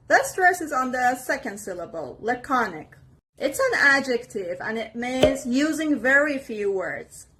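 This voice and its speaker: A woman's voice: a little high, fairly bright tone. A woman teaching English vocabulary in a scripted lesson, saying each word twice and spelling out where the stress falls. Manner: slow, deliberate, repeats each word for stress.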